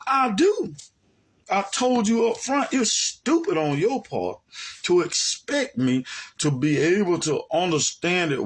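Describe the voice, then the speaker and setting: Husky-voiced man from Alabama. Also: mid-range voice. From Alabama, USA. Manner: colloquial and combative, repeating "man" and "you see what I'm saying". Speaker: religious teacher. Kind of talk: heated monologue rebuttal.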